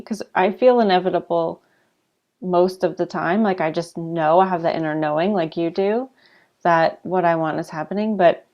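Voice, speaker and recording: Reflective low-voiced woman co-host. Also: mellow, muffled recording. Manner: reflective, encouraging, lots of affirming murmurs. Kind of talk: casual chat.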